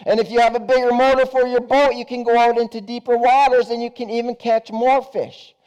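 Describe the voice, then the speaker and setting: A man's voice: high voice, measured pace, mellow, pitched above the performer's own voice, low-quality recording. A man voicing a pushy, restless rich entrepreneur who presses his case urgently, told as a parable in a sermon. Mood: insistent. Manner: urgent, hard-selling.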